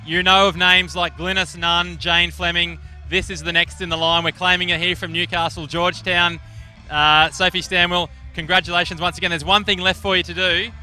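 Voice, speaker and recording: A man's voice: sits high, little pitch movement, moderate pace, sharp tone, faint music behind. An Australian man hosting a live athletics stream in an upbeat announcer manner. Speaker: host.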